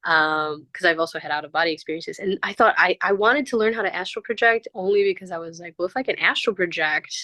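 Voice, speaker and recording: Woman guest rambling through a personal story, lots of ums, lower voice, dry sound. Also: quick pace, few pauses, pushed and bright, no echo. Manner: earnest, rambling, with frequent fillers and laughs. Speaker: interview guest. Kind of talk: casual conversational storytelling.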